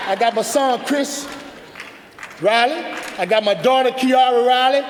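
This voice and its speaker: A man's voice: extremely high pitch, moderate pace, crowd noise, noisy background. A man giving a folksy, emphatic acceptance speech, repeating his phrases. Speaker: hall of fame inductee. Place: large banquet hall with audience. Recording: echoey hall, audience faint.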